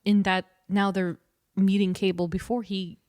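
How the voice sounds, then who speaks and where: Animated woman chatting, dry close sound. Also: mid-range voice, moderate pace, dry recording. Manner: animated, laughs often, acts out quotes with loud outbursts. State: short on sleep. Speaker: podcast co-host. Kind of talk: casual chat.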